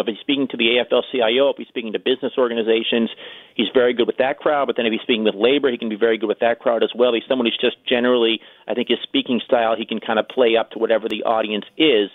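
A man's voice: medium pitch, no echo. A man speaking as a guest on a radio show over the phone, chatty and full of fillers as he tells stories. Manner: chatty, storytelling with many fillers. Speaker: guest political author. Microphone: telephone. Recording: tinny phone line.

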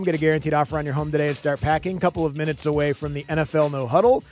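Fast-talking male sports radio host. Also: fairly high pitch, steady tone, faint music behind. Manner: quick, easygoing banter. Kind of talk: casual radio chat. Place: radio studio. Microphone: studio microphone.

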